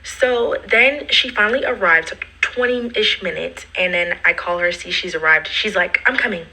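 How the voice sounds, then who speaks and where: A woman's voice: on the low side, normal speed, a little hiss or hum, poor audio. A young woman casually retelling a personal story, acting out the quotes and dropping into whispered asides. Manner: animated, acts out quotes, drops to whispered asides.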